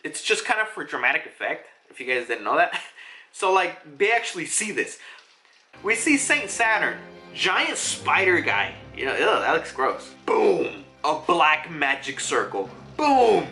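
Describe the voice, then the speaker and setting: A young adult manga reviewer giving excited, casual commentary. They swear freely and laugh often. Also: mid-range voice, moderate pace, faint music behind.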